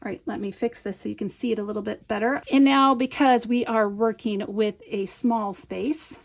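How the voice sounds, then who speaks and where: A woman's voice: a little high, fairly even intonation, moderate pace, vocal fry. A woman teaching a hands-on reading lesson, patient and encouraging, often checking in with the viewer. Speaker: Montessori teacher. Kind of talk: instructional demonstration.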